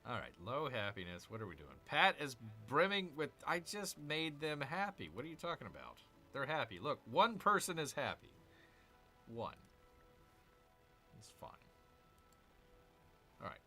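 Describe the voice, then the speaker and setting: A man's voice: on the high side, very animated, unhurried, pauses often, sharp tone, soft background music. A man hosting a casual let's-play, chatting with viewers and muttering to himself over his moves. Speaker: gaming channel host.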